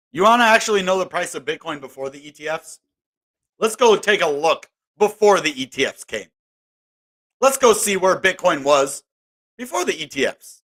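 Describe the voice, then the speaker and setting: A man's voice: on the high side, sing-song, unhurried, pauses often, fairly bright tone. A man hosting casual crypto market commentary, rambling and exasperated, often cutting himself off mid-sentence. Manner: rambling, exasperated, self-interrupting. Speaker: crypto video host.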